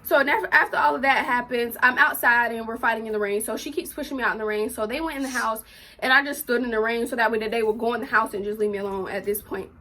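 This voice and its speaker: A teenage girl, telling a personal story in an emotional, animated way for her vlog. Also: fairly high pitch, fast. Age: teens. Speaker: vlogger.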